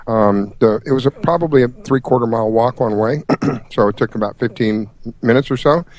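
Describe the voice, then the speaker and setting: A man's voice: medium pitch, fairly quick, darkish tone. Hesitant man telling a story. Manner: hesitant storyteller, many restarts. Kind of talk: casual chat.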